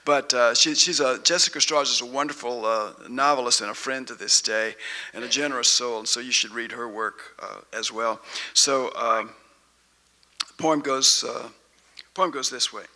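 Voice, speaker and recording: A man, a poet, giving a festival poetry reading, chatty and halting between poems and unhurried when reading them. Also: medium pitch, pushed and bright. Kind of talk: poetry reading with spoken introduction. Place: festival stage before an audience.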